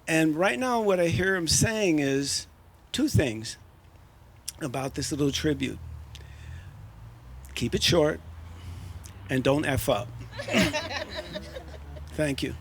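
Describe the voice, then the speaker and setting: A man speaking at a memorial in a slow, wry, gentle way. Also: a little high, a little hiss or hum.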